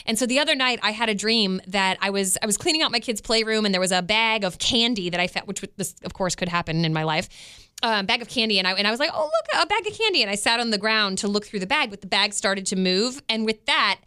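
A woman in her thirties co-hosting a podcast, telling stories in an animated way and laughing often. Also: medium pitch, fast, clean tone. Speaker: radio co-host. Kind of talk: casual podcast chat.

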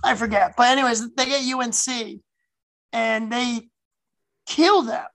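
Upbeat woman co-host with a gravelly, slightly high voice; casual and chatty. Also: unhurried, poor audio. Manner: chatty, animated, frequent fillers. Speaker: podcast co-host. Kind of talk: casual sports chat.

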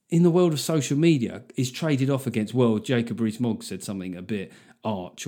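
A man's voice: mid-range voice, dark tone. A man hosting his own podcast, talking in a rambling, sweary, self-mocking monologue. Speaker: comedian podcast host.

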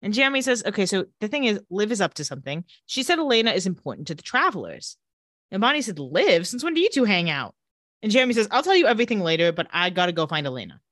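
A woman co-hosts a podcast, chatting through a TV episode and dipping into lower voices for the characters' lines. Her voice is bright and animated, and the recording is dry and close. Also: fast, no echo. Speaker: podcast co-host recapping a TV episode. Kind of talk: casual chat with acted-out quotes.

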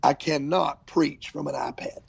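A man's voice: fairly high pitch, unhurried, creaky, slightly rough, dry recording, highs cut off. An older man, an evangelist telling stories in a casual interview and acting out what people said. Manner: animated storyteller, acts out quotes. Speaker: traveling evangelist preacher.

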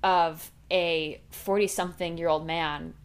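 A young woman co-hosting a podcast, chatting casually, animated and quick to laugh. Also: on the low side, slight background noise. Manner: animated, laughs often, riffs on jokes. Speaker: podcast co-host. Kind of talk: casual chat.

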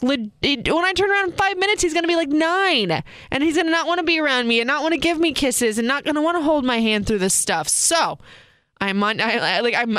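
A woman's voice: high voice, a bit bright, clean tone, no echo, studio quality. A woman in her thirties hosting a casual solo podcast, telling a rambling story with frequent restarts. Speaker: podcast host.

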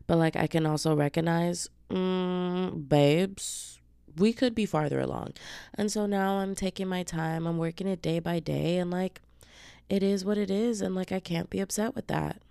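Sick with the flu, a woman hosts her own casual solo podcast, chatting in slangy, profane language and calling her listeners babes. Her deep voice is creaky with a dark tone, captured in a dry recording.

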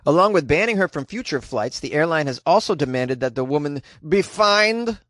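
Male host, slightly high voice, sarcastic comedic news riffs, dry close-mic sound. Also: moderate pace, no echo. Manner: animated, sarcastic, laughs often, jumps to high squeaky voice for quips.

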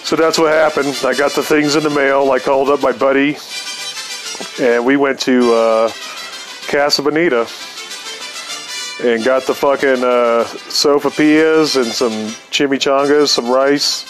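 A man's voice: medium pitch, fairly even intonation, a little slow, fairly bright tone, soft background music. Easygoing male podcast storyteller, mid-range voice, chuckly and profane. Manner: laid-back, profane, chuckling. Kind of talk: casual storytelling.

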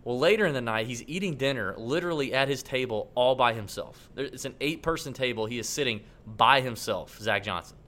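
Give me a man with a middle-pitched voice telling a rambling, animated story on a podcast. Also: brisk, hardly any pauses. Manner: animated, rambling, acts out quotes. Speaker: podcast co-host. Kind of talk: casual storytelling chat.

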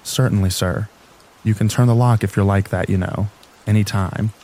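A man's voice: fairly low pitch, fairly even intonation, normal speed, warm tone, close to an everyday voice, poor audio. A man voicing a resolute, practical middle-aged landlady who speaks firmly and politely. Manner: firm, polite, businesslike.

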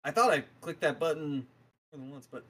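A young man co-hosting a podcast over a video call, telling animated stories and acting out other people's lines. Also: on the high side, a little fast. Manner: animated storytelling, acts out quotes. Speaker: podcast co-host. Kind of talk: casual banter.

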